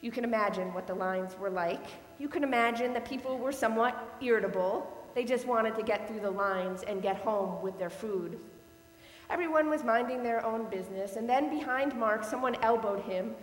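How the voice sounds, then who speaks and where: A woman pastor delivering a sermon, telling a story in a slow, measured way. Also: a little high. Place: church sanctuary. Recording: echoey hall with long reverb and faint hum.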